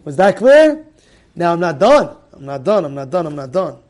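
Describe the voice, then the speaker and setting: A middle-aged man giving an animated sermon, telling stories, repeating his phrases and mixing in Hebrew words. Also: a little high, moderate pace. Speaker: Torah teacher.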